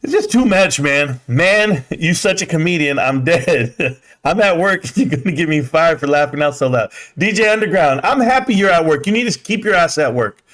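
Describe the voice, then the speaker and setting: A man's voice: fairly high pitch, lively intonation, normal speed, a bit bright. A man hosting a livestream, chatting casually and reading comments in a brash, profane way, laughing often. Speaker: livestream host.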